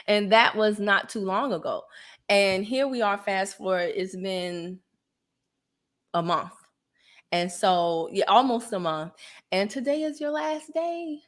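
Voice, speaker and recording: Speaking slowly with long pauses, this woman has a mid-range voice. She's a livestream host keeping things casual and chatty, greeting viewers with shout-outs and frequent laughter.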